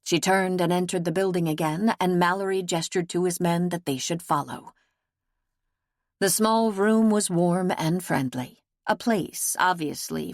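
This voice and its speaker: An audiobook narrator, a woman with a fairly low voice, reads scripted narration in a measured, steady manner. The recording is close and dry, with no room sound and no echo.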